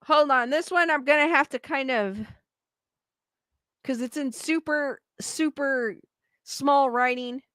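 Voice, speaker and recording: A woman with a high, bright voice chats casually as she hosts, reading stories and comments aloud. She reacts freely and laughs often, and her recording sounds dry and close with no room around it. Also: slow pace, pauses often, no room sound. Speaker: host reading viewer stories. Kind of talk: casual chat.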